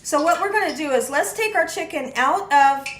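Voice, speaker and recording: A woman's voice: high voice, lively intonation, moderate pace, fairly bright tone. A woman hosting a cooking tutorial in a kitchen, chatty and often checking in with the viewer. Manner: chatty, frequently checks in with "okay". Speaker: cooking show host. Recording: echoey room.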